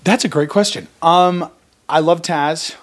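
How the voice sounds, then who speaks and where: A man with a voice on the high side talks easily as a voice-actor guest in a relaxed interview. He rambles in a friendly way, often pausing with fillers as he searches for words. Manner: friendly, chatty, many fillers. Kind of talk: casual interview chat.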